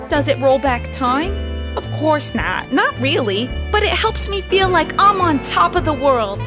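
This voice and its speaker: A woman voicing a devoted pet dog in a scripted ad, gushing and grateful toward its owner. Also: high-pitched. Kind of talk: scripted ad voice-over. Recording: voice over music bed.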